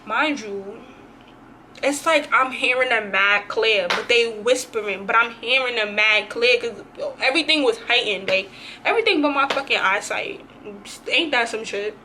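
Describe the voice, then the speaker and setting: A woman's voice: on the high side, moderate pace, noisy background. A young woman vlogger telling a dramatic, slangy story in a casual storytime. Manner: animated, slangy, dramatic retelling.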